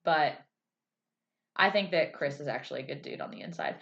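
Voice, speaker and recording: A woman's voice: sits low, fairly quick, vocal fry. A woman co-hosting a casual podcast, animatedly recapping a TV episode. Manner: animated storyteller, acts out quotes in a raised voice. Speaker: podcast co-host. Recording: slightly dull lo-fi sound.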